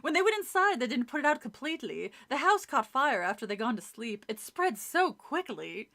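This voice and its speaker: A woman's voice: high-pitched, very animated, normal speed, pushed and bright, full character voice. A woman reading aloud as a gossiping middle-aged neighbor, in an affected, snobby voice. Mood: gossipy.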